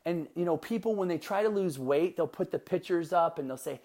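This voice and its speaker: A man in his thirties hosting a motivational podcast, telling a personal story with earnest warmth and building to emphatic encouragement. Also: on the high side, brisk. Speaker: podcast host.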